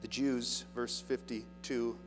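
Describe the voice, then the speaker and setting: A male pastor reads scripture slowly in a level, medium-pitched voice, though his emphasis grows earnest and rises through the sermon. Long hall reverb fills the recording, and faint music and a mains hum can be heard.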